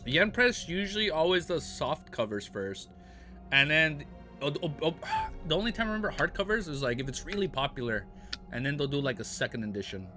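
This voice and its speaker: Soft background music plays as this American live-streamer banters with his audience. His slightly high voice is animated, fairly quick, and sharp in tone, and he jokes around, laughs a lot, and throws in mock-French phrases.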